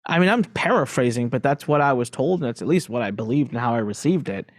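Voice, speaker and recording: A man's voice: medium pitch, no room sound, clean studio sound. A man guest on a podcast, telling candid stories in a self-mocking way, joking and laughing as he goes. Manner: animated, self-mocking, jokes and laughs often; frequent fillers and restarts, quick asides. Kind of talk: candid conversational storytelling.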